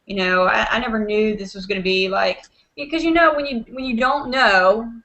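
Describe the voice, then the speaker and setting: A woman talks from her desk at home over a video call. Her voice has a gravelly rasp and a sharp brightness. She tells her story in a lively way, scattering "you know" and acting out what others said. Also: a little high, normal speed, rough recording. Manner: animated, acts out quotes, many fillers like "you know". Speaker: host of an online video hangout. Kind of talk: casual excited storytelling.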